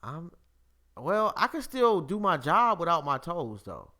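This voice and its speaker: A man's voice: on the high side, unhurried. A man hosting a live-streamed podcast, chatting casually with lots of swearing and laughter. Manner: profane, animated, laughs often. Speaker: podcast host.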